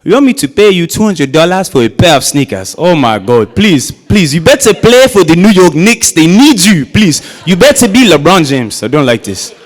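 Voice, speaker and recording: A man's voice: fairly high pitch, very animated, moderate pace, few pauses, voice pushed up. A man doing his exasperated immigrant dad. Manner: loud, incredulous pleading. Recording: echoey church hall.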